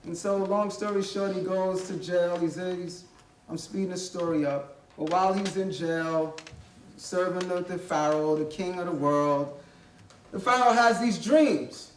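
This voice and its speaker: A man giving a motivational talk as a guest speaker, telling a story in a lively, conversational way with casual slang. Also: sits high, measured pace, a little hiss or hum. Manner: animated, conversational, uses street slang. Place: college library event room. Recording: echoey hall from far off.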